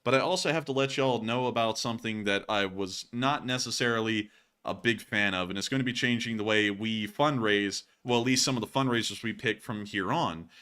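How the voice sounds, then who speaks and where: A man's voice: fairly low pitch, a little fast, pushed and bright, clear, resonant tone. A man with a Southern US accent hosting a casual news livestream, rambling with many fillers as he thanks donors. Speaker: host of a war news livestream.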